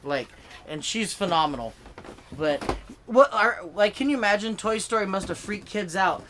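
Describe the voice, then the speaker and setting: A man's voice: high-pitched, lively intonation, moderate pace, background noise. A male comedian filming himself as he rants, swearing freely and getting worked up. His talk rambles, restarts and is full of fillers as he riffs for laughs. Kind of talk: profane comedic political rant to camera. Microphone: filming himself on camera.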